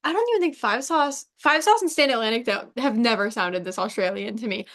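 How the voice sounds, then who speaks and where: A young woman co-hosting a podcast, swapping stories in relaxed conversation. Her voice is somewhat high and animated, with quick asides and easy laughs. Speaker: podcast co-host. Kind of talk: casual chat.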